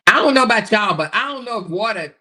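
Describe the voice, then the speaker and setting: Chatty bright-voiced woman livestreaming. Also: mid-range voice, animated, fast. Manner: chatty, talks straight to the chat, repeats herself. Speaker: livestream host. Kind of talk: casual livestream commentary.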